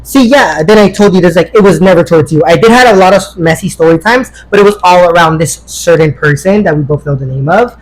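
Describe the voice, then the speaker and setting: A man's voice: high-pitched, fast talker, hardly any pauses, a little hiss or hum, rough recording. A young man, a guest on a podcast, chatting casually and explaining himself defensively. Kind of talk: casual chat.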